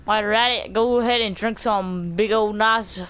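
A woman streaming a video game live, talking casually in a loud, crude, teasing way with lots of laughter. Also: medium pitch, fairly even intonation, normal speed, clean tone, rough recording.

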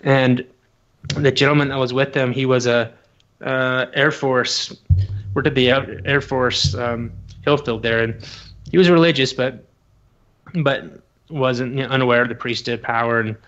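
A man's voice: mid-range voice, steady tone, measured pace, long pauses, a bit bright. Earnest man telling a story, lo-fi sound. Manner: earnest, heartfelt storytelling with frequent restarts. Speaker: podcast guest. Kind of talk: personal testimony in conversation.

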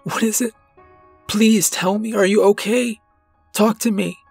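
A man's voice: high-pitched, steady tone, unhurried, creaky, husky, soft background music, pitched above the performer's own voice, heavily acted. Man putting on a panicked trapped woman. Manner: pleading, panicked. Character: terrified young woman trapped in a car.

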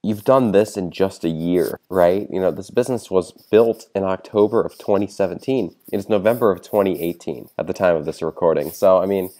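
Fast-talking deep-voiced male interviewer. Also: dark tone. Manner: brisk, scripted sign-off. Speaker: interviewer for a business marketplace. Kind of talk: interview and channel outro.

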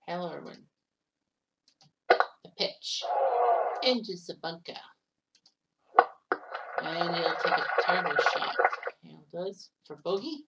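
A woman casually calling the shots in a golf video game, chatty and quick to blurt out exclamations. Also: on the low side, creaky. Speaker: game commentator. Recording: distant mic with loud background noise.

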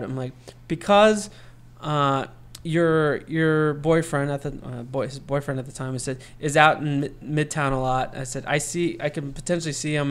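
Chatty man telling a long story. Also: mid-range voice. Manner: long-winded, acts out quoted voices. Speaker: podcast co-host. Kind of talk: casual storytelling chat.

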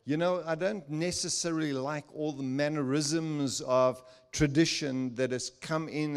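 A man's voice: a little high, smooth. An older man preaching in a church, telling a personal story with laughter and acted-out quotes. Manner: animated, laughing storyteller who acts out quotes. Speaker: guest speaker.

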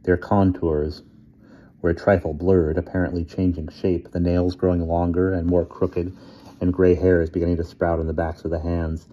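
A man reading a storybook aloud in a measured, plain way. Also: low-pitched, flat delivery, warm tone, highs cut off. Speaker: audiobook reader.

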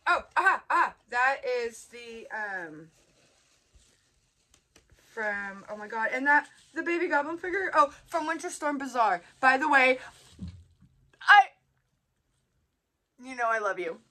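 A woman chatting casually as she unboxes a subscription box, bubbly and gushing with excitement. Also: high voice, slow pace, pauses often. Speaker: vlogger.

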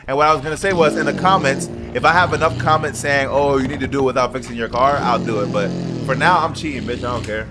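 A young man streaming a driving game, talking casually and cursing excitedly at other players. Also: medium pitch, quick pace, over music. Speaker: gaming streamer. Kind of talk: casual gameplay commentary. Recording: loud game engine noise behind. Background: car engine and game sounds.

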